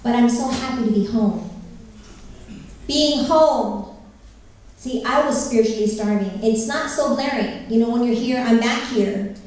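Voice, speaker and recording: Her voice high-leaning, a little slow, and a little mellow, a middle-aged Northern Californian missionary tells her heartfelt testimony at church. She speaks earnestly with many fillers, including some ums. The hall is very echoey and she is recorded from far away.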